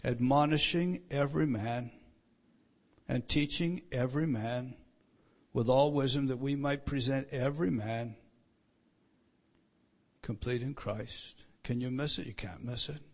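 A middle-aged man preaching a sermon as pastor, emphatic, rising loud to stress scripture and dropping low and quiet. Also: unhurried, long pauses.

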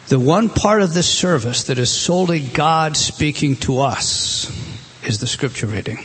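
A man's voice: mid-range voice, unhurried, slight background noise. A middle-aged man preaching a sermon as pastor, earnest and exhorting, with frequent restarts.

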